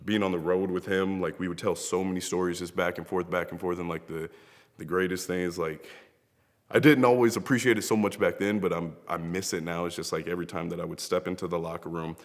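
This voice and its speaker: A young man who wrestles professionally tells heartfelt, meandering stories in tribute to a friend who has died, often breaking into laughs. Seated indoors before a camera, he speaks fairly quickly in a low, steady voice, and the camera mic suggests a large hall.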